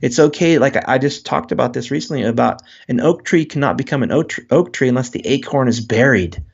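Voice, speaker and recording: A man's voice: medium pitch, fairly quick, creaky, slightly rough, highs cut off. A man speaking as a guest author in an interview, talking earnestly and candidly about his life, often restarting his sentences. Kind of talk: reflective interview talk.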